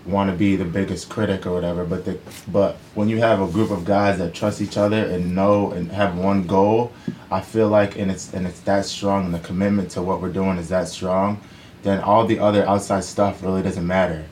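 Deep-voiced man, relaxed and rambling. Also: moderate pace, slight background noise. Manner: relaxed, rambling, many fillers and restarts. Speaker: professional football player guest. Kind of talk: casual interview answers.

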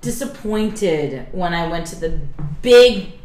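A woman's voice: on the low side, animated, takes it slowly, a little mellow, slight background noise. Bubbly rambling woman, echoey room. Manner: bubbly, rambling, laughs often. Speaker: podcast co-host. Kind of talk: casual chat.

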